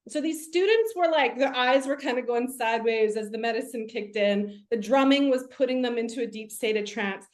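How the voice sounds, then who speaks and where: Over a video call, a woman who is a medium and spiritual teacher tells a story in a lively, casual way. Her voice is a little high, and she uses "like" as a filler again and again.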